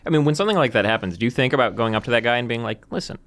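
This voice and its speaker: A man guesting on a comedy podcast, dropping wry, dry jokes into the chat. His pitch moves in a lively way around a middle level. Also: rapid-fire.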